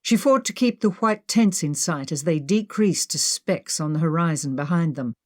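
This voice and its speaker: A woman narrating an adventure audiobook in a steady, clear storytelling voice. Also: deep voice, normal speed. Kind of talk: scripted narration.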